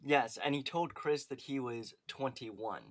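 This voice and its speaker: A man's voice: mid-range voice, unhurried, a bit bright, no room sound. A man co-hosting a podcast in casual chat, rambling with lots of "like" and "um". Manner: rambling, filler-heavy with many "like"s. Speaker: podcast co-host.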